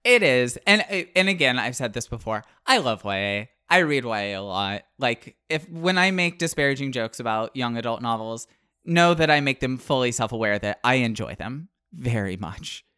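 Male podcast co-host, lively and snarky, caffeinated, dry studio sound. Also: mid-range voice, moderate pace, smooth, no echo. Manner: animated, sarcastic, swings between loud and muttered asides. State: wired on caffeine. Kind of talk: casual book review chat.

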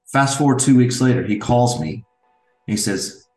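A man's voice: on the low side, fairly quick, darkish tone, soft background music. Earnest middle-aged man, roomy sound. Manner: earnest, storytelling, with restarts. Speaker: podcast guest, father. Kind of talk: reflective interview talk. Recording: roomy echo.

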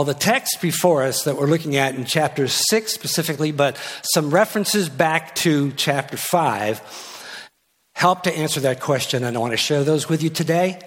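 Older pastor preaching with a high voice. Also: male voice. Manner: jokey and teasing, with restarts and asides. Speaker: guest pastor. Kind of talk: sermon with joking asides. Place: church sanctuary at the pulpit. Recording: long hall reverb in a church.

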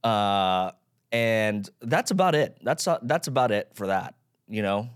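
This podcast host, in his 30s, has a smooth, expressive voice on the low side and keeps a measured pace. He rambles through a casual rant about himself, swearing and self-deprecating along the way.

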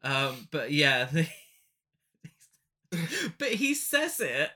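A man's voice: on the high side, big pitch swings, very slow, sharp tone. A man co-hosting a podcast, chatting casually about a film with rambling, jokey asides and frequent laughs. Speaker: podcast co-host. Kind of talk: casual film review chat.

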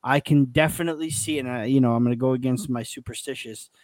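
A man hosting a sports podcast, talking in an excitable, rambling way with many restarts. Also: mid-range voice, fast, no room sound. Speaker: podcast host. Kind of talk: casual sports chat.

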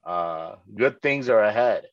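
A man's voice: on the low side, expressive, no room sound. Rambling young man on a muffled line. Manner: rambling, halting, full of "like". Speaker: podcast guest. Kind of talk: casual chat.

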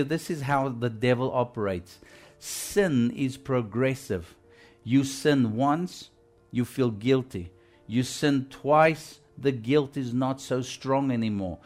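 A man's voice: medium pitch, darkish tone. A male preacher delivering a sermon in an average, mid-range voice. He retells the scripture conversationally, then presses his point home with emphatic, exhorting lines.

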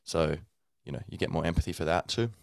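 A man's voice: low voice, fast, gravelly, no echo, studio quality. A man hosting a podcast, speaking in a loose, rambling monologue full of fillers and sounding tired from little sleep. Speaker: podcast host.

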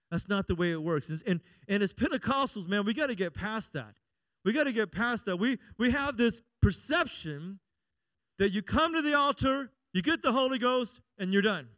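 A middle-aged pastor preaches with a high, ringing man's voice. He swings from loud calls for "Amen?" to hushed, confiding stretches. The sound is close and dry. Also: lively intonation, normal speed, no echo. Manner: preaching with call-and-response "Amen?" and swings between loud and quiet. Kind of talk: sermon.

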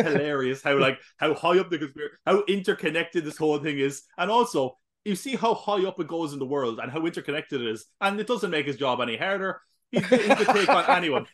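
Excitable Cork man rambling about films. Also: on the high side. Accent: Cork Irish. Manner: excitable, rambling, laughs often. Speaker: podcast co-host. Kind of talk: casual film chat.

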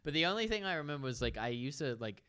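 A man's voice: fairly high pitch, sing-song, fast talker, a bit bright, clean tone, dry recording. A man co-hosting a casual podcast, telling a rambling story full of "like" and frequent laughs. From grew up abroad among expat kids, now in Australia. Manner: rambling, heavy use of "like", laughs often. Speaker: podcast co-host.

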